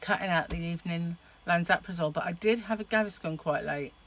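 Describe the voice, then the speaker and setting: A middle-aged woman rambles casually to her camera, often laughing. Her voice sits a little low for a woman. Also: fast talker, low-quality recording. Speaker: vlogger.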